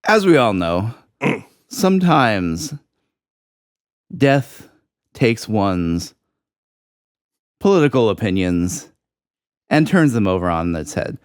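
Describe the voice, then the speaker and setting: Slow, deadpan man with dry irony. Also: lowish voice, dry recording. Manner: dry, ironic, slow and deliberate. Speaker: podcast co-host. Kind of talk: deadpan mock-serious explanation. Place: podcast studio.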